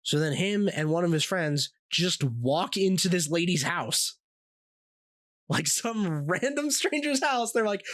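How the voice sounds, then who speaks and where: Animated young man telling stories. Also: high-pitched, unhurried, dry recording. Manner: animated storytelling, swearing, laughing. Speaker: podcast co-host. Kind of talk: casual podcast chat.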